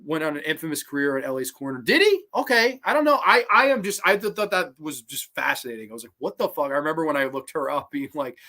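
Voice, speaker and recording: A mid-pitched podcast host rambles through a casual review of an old series. The host swears freely, piles up fillers and thinks aloud in a baffled, questioning way. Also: fast talker, few pauses, sharp tone.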